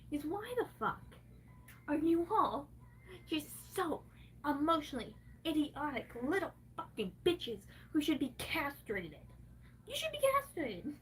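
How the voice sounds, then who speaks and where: A woman's voice: high-pitched, a bit bright, recorded from a distance, slight background noise. A woman livestreaming, venting in an angry, profane rant.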